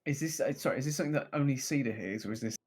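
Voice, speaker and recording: A man's voice: mid-range voice, very fast, darkish tone, slightly rough. A man playing in a tabletop game, asking questions in a hesitant way. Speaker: player. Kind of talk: tabletop role-play chat.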